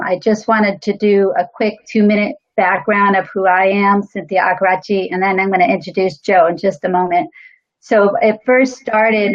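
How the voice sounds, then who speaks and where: A woman host telling her own story in a casual, earnest way, with many fillers, before introducing a guest. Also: mid-range voice. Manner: earnest, with frequent fillers and light laughs. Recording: dull lo-fi sound.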